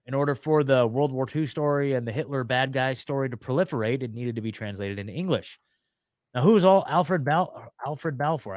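A man's voice: mid-range voice, no echo. A man speaking as a podcast guest in a middling voice, winding through his points with plenty of fillers, restarts and asides. He talks in a loose, conspiratorial way. The recording is dry, with almost no room sound. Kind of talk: casual podcast conversation.

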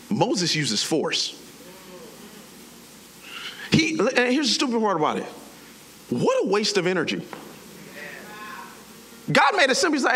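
Animated high-voiced preacher. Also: male voice, slow pace, pauses often, slight background noise. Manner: animated storytelling, slangy, acts out voices. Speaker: pastor. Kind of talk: sermon.

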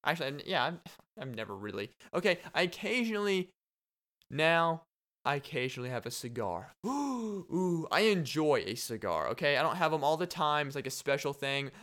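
Animated young man hosting a solo podcast. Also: on the high side, moderate pace. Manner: animated, joking and rambling. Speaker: podcast host. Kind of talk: casual solo podcast monologue.

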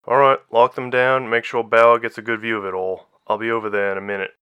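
A man reading the part of a calm, confident woman lieutenant over the radio, in an audiobook. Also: mid-range voice, clean tone, no echo, dull audio, lightly acted. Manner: calm, unhurried.

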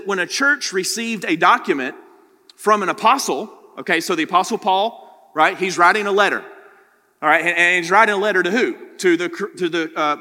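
Male pastor, fairly high bright voice, chatty teaching sermon with lots of "right?" asides, long hall reverb. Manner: conversational teaching, frequent "right?" tag questions.

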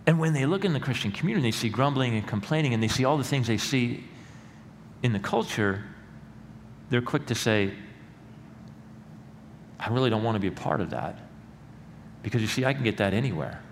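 A middle-aged male pastor preaching a sermon in a church, earnest and rising to loud emphatic peaks. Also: mid-range voice, animated, a little fast, long pauses. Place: church sanctuary. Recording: long hall reverb with faint room noise.

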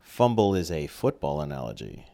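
A man's voice: very deep voice, sing-song, moderate pace, vocal fry, warm tone. A man hosting a podcast, asking questions in a joking, teasing casual chat. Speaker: podcast host.

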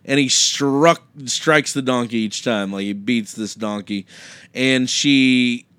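A man co-hosting a podcast and preaching, telling a Bible story in a casual, animated way and acting out the quotes. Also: medium pitch, slow, clean tone, no echo.

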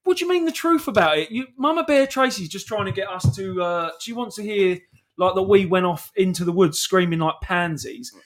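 A man's voice: high-pitched, animated, fairly quick. A British man co-hosting a live podcast, tossing out dry wisecracks and song references in loose banter. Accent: British English. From Britain. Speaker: podcast co-host.

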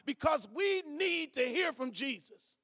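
High-voiced man preaching in a reverberant hall. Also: animated, unhurried, gravelly. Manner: preaching with call-and-response, swinging from shouts to low asides. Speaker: pastor. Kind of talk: sermon. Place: church sanctuary.

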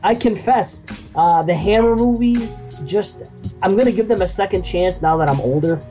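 A man's voice: high voice, normal speed, mellow, faint music behind. A man co-hosting a podcast in a casual, blunt way, swearing freely. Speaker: podcast co-host. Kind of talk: casual chat.

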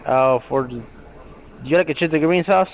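A man's voice: on the high side, moderate pace. A man taking food orders over the phone at a restaurant, polite and a little hesitant. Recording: tinny phone line.

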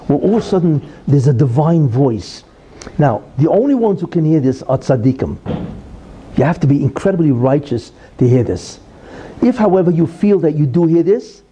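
A man's voice: on the high side, dark tone, slightly rough. A man giving a Torah lesson in a conversational way, asking rhetorical questions and explaining terms. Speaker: religious teacher.

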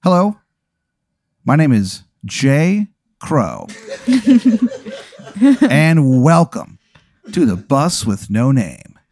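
A man voicing a male pirate who drives a time-travel bus, with a high, drawn-out cheerful delivery. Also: very animated, a little mellow, full character voice. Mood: welcoming.

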